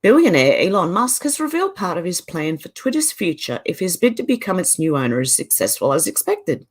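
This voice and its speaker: A woman's voice: fairly low pitch, sing-song, brisk. Chatty Australian woman on a livestream. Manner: chatty, laughs often, Aussie slang. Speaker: livestream host. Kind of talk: casual livestream chat reading viewer comments.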